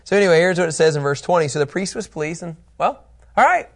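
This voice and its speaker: A man's voice: fairly high pitch, expressive, fast talker, creaky. A man teaching a Bible lesson in a casual, joking way, laughing often.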